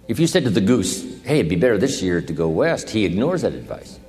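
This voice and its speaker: A man's voice: fairly low pitch, sing-song, a little fast, darkish tone, big-room sound, soft background music. A man giving a motivational lecture, explaining points and answering his own questions. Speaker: motivational speaker. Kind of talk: lecture-style speech.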